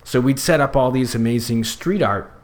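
A man chatting as a podcast guest, his voice pitched in the middle. He rambles through his points with plenty of fillers and false starts, in a loose conversational way. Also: normal speed. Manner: rambling, many fillers and restarts. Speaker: podcast guest, youth circus worker. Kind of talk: casual chat.

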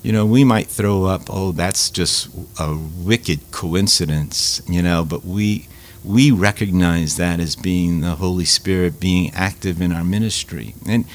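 In a relaxed interview, a Louisiana man who heads a Catholic food ministry shares stories in a deep voice. His delivery stalls and restarts, full of repeated words and filler sounds.

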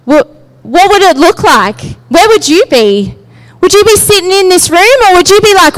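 A woman's voice: extremely high pitch, big pitch swings, moderate pace, low-quality recording. A woman giving a sermon in a conversational way, often asking her listeners "right?" and "yeah?". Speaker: preacher.

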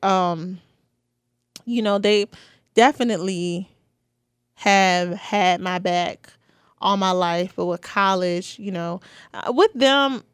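A woman's voice: on the low side, clean tone, no echo. A young woman, hosting a podcast and talking through personal stories in a casual, heartfelt way. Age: 20s. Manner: chatty, heartfelt, with many fillers. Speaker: podcast host.

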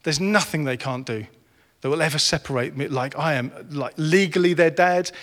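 A man's voice: on the high side, moderate pace, fairly bright tone. A man in his forties preaching a sermon, earnest and rising to impassioned. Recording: reverberant hall.

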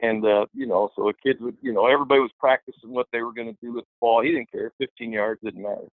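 A man telling a lively anecdote in a casual way, acting out the voices of the people in it. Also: mid-range voice, fast talker, no echo. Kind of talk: casual storytelling. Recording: dry, phone-like line.

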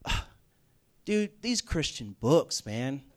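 A man voicing an exasperated young male college student, loud and mocking. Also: mid-range voice, sing-song, racing, close to an everyday voice.

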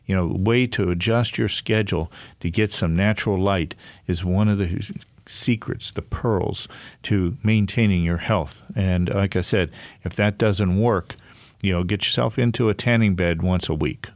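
Older man, low dry voice, rambling advice. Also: a little slow, dry recording. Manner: rambling, folksy, lots of "you know". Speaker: natural health doctor, guest expert. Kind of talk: casual health talk show chat.

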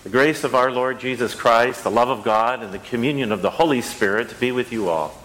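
A man's voice: medium pitch, a little fast, fairly bright tone. A man leading a church service, reading liturgy and prayers and speaking casually to the congregation in between. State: out of breath. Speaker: pastor. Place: church sanctuary. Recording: long church reverb, faint ambience.

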